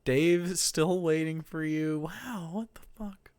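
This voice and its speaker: A man's voice: a little high, slow pace, darkish tone, clear, resonant tone. A man casually reacting to videos on his stream, loose and profane in his remarks.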